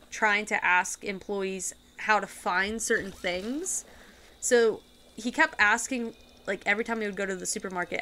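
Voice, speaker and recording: A woman's voice: medium pitch, a bit bright. Giggly, rambling woman streamer. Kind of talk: casual gaming chat.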